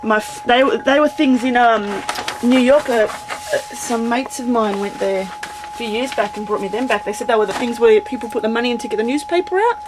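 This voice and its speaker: A woman's voice: a little high, a little fast, big-room sound. A woman, a graffiti artist and art teacher, chatting casually in an interview, rambling and laughing often. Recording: noisy on-location recording.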